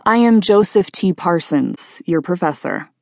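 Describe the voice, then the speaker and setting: A middle-aged male professor greets his class in a dry, measured, teacherly way with a wry edge, read by a woman narrator. The voice sits low and fairly plain, close to the reader's own. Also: lively intonation, creaky, dry recording. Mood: formal.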